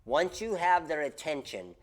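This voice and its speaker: A man with a fairly high voice coaches his viewers on a casual livestream. He talks in an animated, emphatic way and hammers the same points again and again. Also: normal speed. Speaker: host of a craft business livestream.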